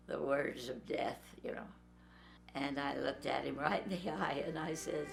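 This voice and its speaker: An older woman telling a story in a lively way and acting out the voices of the people in it. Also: extremely low pitch, takes it slowly, creaky, soft background music. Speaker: interviewee. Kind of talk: storytelling anecdote.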